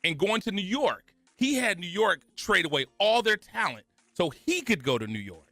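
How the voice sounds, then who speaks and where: A man's voice: high-pitched, sing-song, normal speed, sharp tone, dry recording, faint music behind. A man from California co-hosting a sports talk radio show, bantering playfully with his partner. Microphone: studio microphone.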